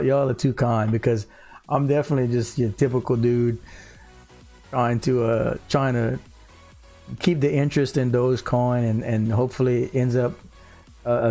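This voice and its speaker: A man's voice: mid-range voice, darkish tone. A man in his thirties with a Cajun Louisiana accent, hosting a casual livestream from home, chatting easily and reading viewer comments aloud. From South Louisiana. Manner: laid-back, reads chat aloud, drawls "y'all". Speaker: livestream host. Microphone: studio mic on a boom.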